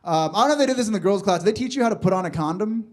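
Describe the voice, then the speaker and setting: High-voiced man doing stand-up. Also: animated, racing, a little mellow. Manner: loose, chatty crowd work with frequent laughs. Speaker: stand-up comedian. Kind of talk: stand-up comedy set. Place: comedy club stage before a live audience.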